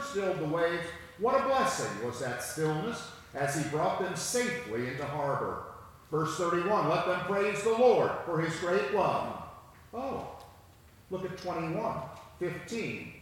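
A man preaching a sermon and reading scripture aloud, slow and emphatic, repeating key phrases. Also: on the high side, fairly bright tone, a little hiss or hum. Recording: echoey hall with long reverb.

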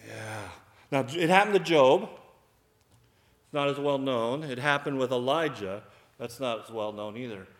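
A man preaching a sermon, animated, acting out the voices of the people in the story. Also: medium pitch, a little slow, long pauses, echoey room. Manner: animated, acts out voices of biblical figures.

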